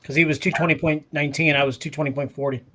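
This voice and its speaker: Fairly high-voiced man, easygoing. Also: little pitch movement, rapid-fire, a bit bright, a little hiss or hum. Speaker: podcast co-host. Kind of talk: casual chat about bowling.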